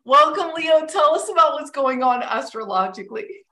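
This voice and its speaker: A woman's voice: high voice, expressive, normal speed, sharp tone. A young adult woman hosting a livestream, talking in a chatty, enthusiastic way with many fillers and asides. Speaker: host. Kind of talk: casual livestream talk.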